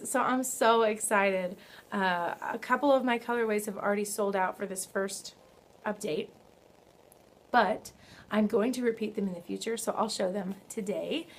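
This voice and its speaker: A young woman hosting a knitting podcast from home, chatting casually and excitedly, full of fillers and self-corrections. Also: medium pitch, moderate pace. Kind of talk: casual video podcast chat. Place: home, early morning.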